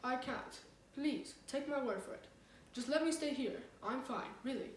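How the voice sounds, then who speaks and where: A woman's voice: sits high, normal speed, echoey room, far from the mic, slight background noise, lightly acted. A woman reading the lines of a fussy, evasive male vampire count in a comic story.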